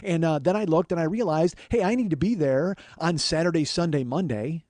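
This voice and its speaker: A man's voice: on the high side, a little fast, darkish tone, no room sound. A man telling an indignant, profane comic story as a podcast host. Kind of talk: comic rant monologue.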